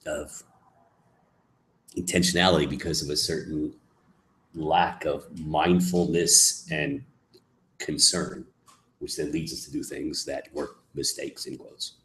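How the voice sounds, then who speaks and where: A man teaching as a rabbi in a lecture, emphatic, moving between soft asides and loud, stressed points. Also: extremely low pitch, fairly even intonation, slow, pauses often. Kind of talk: lecture on Jewish mysticism. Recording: echoey room.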